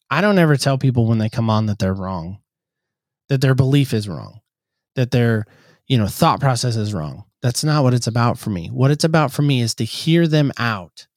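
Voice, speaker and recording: A man with an everyday, mid-range voice tells a story to his interviewer in an earnest, warm way. He slips into little voices for the people he quotes. The sound is dry and close, with no room echo. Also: mid-range voice. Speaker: podcast host, guest. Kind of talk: conversational storytelling.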